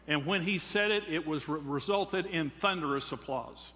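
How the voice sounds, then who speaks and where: An older man, preaching to his congregation in an emphatic, preacherly way that leans on rhetorical questions. His voice is bright and forceful and rides a little high. A long reverb of a large hall trails behind every phrase. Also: normal speed, hardly any pauses. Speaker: pastor. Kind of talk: sermon.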